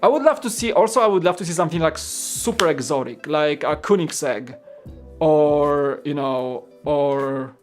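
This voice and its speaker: Speaking at a moderate pace, a man from Poland rambles casually through a livestream and breaks off to read what viewers have written. His voice runs a little high for a man, with quiet guitar music underneath.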